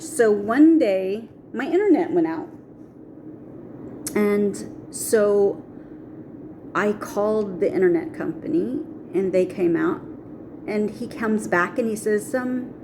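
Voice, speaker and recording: A woman's voice: mid-range voice, takes it slowly, noisy background. A middle-aged woman telling a personal story in a vlog, acting out the voices of people she quotes. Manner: animated, acts out quoted voices. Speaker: vlogger.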